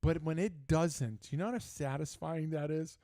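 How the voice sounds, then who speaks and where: An older man hosting a live sports talk show, telling stories in a casual, animated way. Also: fairly high pitch, measured pace, no room sound, studio quality. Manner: storytelling, animated, laughing asides. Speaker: host. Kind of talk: casual chat.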